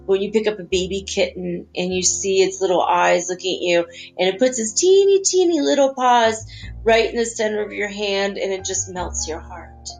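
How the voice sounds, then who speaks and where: A woman hosting a spiritual talk, chatting gently and guiding listeners through visualizations. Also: medium pitch, moderate pace, vocal fry. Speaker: spiritual channel host. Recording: faint guitar music behind.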